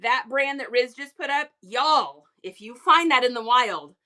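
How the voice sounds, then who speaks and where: High, bright, excitable woman host. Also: unhurried. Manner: excitable, exclamatory, chatty. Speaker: livestream reseller host. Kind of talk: casual livestream chat.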